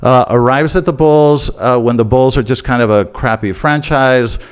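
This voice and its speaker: An American man hosts his own football channel in a casual, opinionated monologue. His voice is smooth and resonant at an ordinary pitch. He leans on his points emphatically, repeating himself and filling gaps with "uh" and "okay". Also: normal speed.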